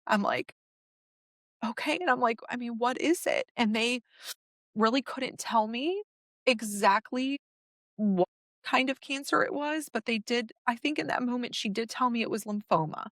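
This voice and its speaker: A woman's voice: fairly high pitch, moderate pace, no echo. Young woman telling her story, dry sound. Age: young adult. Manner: animated, acts out her own past words. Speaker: podcast guest. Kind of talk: emotional personal storytelling.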